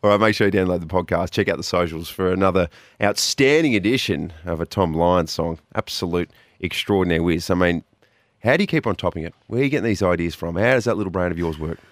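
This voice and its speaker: Deep-voiced male radio host. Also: fast, no room sound, studio quality. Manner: upbeat, teasing, laughs often. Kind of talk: casual radio banter. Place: radio studio.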